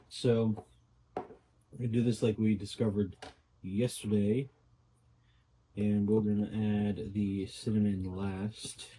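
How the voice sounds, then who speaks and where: A man's voice: lowish voice, warm tone, a little hiss or hum, rough recording. A young man talking casually through a cooking vlog, rambling with lots of fillers and little asides. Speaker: bodybuilder vlogger.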